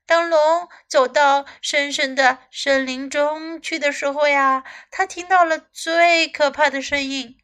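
A high, bright-voiced woman reads a storybook aloud in two languages as an English teacher. She takes her time and shapes each line expressively, slow and deliberate. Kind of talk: bilingual storybook reading.

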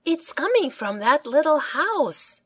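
A woman voicing an excited, bossy little girl piglet in a storybook reading. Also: sits high, slow, voice pushed up, exaggerated voice. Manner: bright, excited and squealy.

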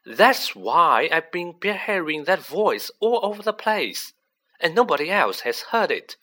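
A man reading aloud, voicing an excited young male student who reasons urgently and eagerly. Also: mid-range voice, normal speed. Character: excited boy wizard, quick-thinking young male student.

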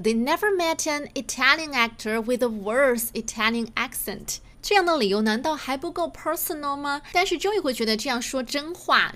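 A woman teaching English through sitcom clips, explaining clearly and reading English examples slowly. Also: on the high side, fairly bright tone.

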